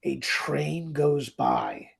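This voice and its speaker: A man co-hosting a podcast in casual chat, retelling a plot in animated style and acting out quoted lines. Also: a little high, drawn-out words, vocal fry, husky. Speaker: podcast co-host.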